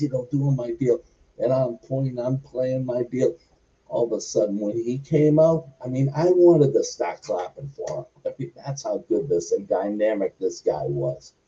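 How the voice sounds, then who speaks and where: A wrestler telling a long backstage story in an interview, rambling with many fillers. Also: male voice, medium pitch, mellow. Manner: rambling, filler-heavy anecdotes. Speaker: wrestler guest. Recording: muffled lo-fi recording.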